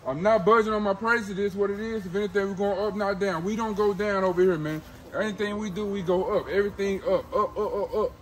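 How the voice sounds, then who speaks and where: A man's voice: high-pitched, fairly bright tone, a little hiss or hum, rough recording. A young man filming with his phone outdoors, selling puppies in a hyped, slangy way and repeating himself a lot. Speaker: dog breeder. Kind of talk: casual sales video.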